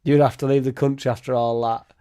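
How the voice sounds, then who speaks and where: A man's voice: mid-range voice, little pitch movement, quick pace, dark tone, smooth. A young man hosting a casual fan livestream, laughing often, swearing freely and rambling as he reacts and thanks viewers. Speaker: fan channel host.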